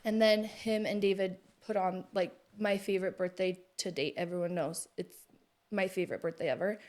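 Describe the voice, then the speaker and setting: A woman's voice: mid-range voice, fairly even intonation, normal speed, darkish tone. A woman in her thirties, a guest in a casual conversation, telling personal stories in a chatty way and laughing easily. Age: 30s.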